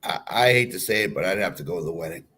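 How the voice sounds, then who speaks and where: A man's voice: low-pitched, very fast, bright, forceful tone, breathy edge. A man guesting on a football podcast, talking emphatically and repeating short phrases for punch. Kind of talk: casual sports talk.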